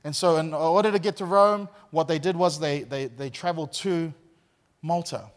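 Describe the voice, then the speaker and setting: A man's voice: on the high side, normal speed. A man preaching a sermon. He tells stories with a lot of energy, laughs often and repeats words as he goes. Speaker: pastor. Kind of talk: sermon with personal storytelling.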